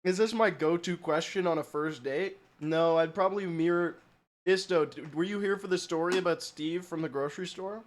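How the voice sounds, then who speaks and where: High-voiced joking male streamer. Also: normal speed. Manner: joking, self-mocking, reacts to chat. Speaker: live streamer. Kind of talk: casual live-stream chat.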